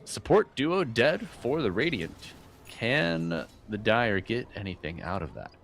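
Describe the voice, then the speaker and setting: A man calling live esports play-by-play, excitable and quick to react to the action. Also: fairly low pitch, slight background noise. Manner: excitable, animated calls. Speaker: play-by-play caster.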